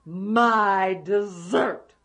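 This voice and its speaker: A woman's voice: mid-range voice, fairly bright tone. A woman storyteller voicing a huge, hungry male giant who drawls his demands. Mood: greedy. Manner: slow drawn-out demands.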